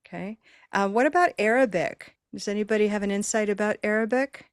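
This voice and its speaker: A woman's voice: medium pitch, a little fast, no echo, clean studio sound. A woman co-hosting a live online English lesson on a video call, who laughs often and asks the learners questions. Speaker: teacher and co-host.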